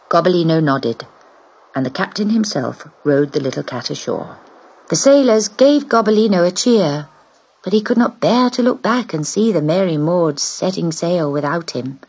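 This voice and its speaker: A woman reading a children's story aloud in an expressive, dramatic storytelling manner. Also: on the low side, moderate pace, breathy edge, rough recording.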